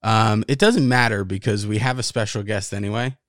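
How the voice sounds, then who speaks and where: A man co-hosting a podcast, chatting casually with a teasing, deadpan manner. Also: fairly low pitch, fairly quick, dry recording, clean studio sound. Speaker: podcast co-host. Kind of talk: casual chat.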